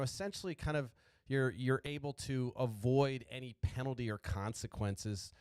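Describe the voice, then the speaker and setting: A man rants about politics with a lot of swearing, stumbling and restarting his sentences as he goes. His voice sits in an ordinary middle pitch. The sound is close and dry, with no room around it. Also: dry recording. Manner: stuttering, profane, rambling. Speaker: podcast host. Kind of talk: profane political rant.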